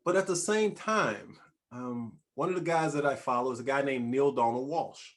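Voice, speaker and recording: A man's voice: medium pitch, moderate pace. A man hosting a talk show, speaking emphatically and restarting his phrases as he interviews a guest. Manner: emphatic and animated, with repeated restarts. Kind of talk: conversational interview.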